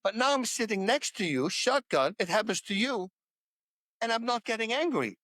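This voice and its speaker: Guy on a podcast, kinda high voice, repeats himself to drive it home, dry close mic. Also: expressive, moderate pace, a bit bright, no echo. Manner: emphatic, repeats points to hammer them home. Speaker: podcast guest. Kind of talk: casual interview talk about faith.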